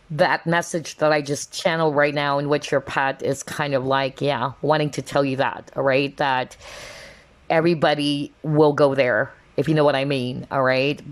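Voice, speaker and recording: A woman giving a casual tarot card reading to her viewers, earnest and emotional, talking with lots of fillers like "kind of, like" and "you know.". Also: a bass voice. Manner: earnest, emotional, openly moved.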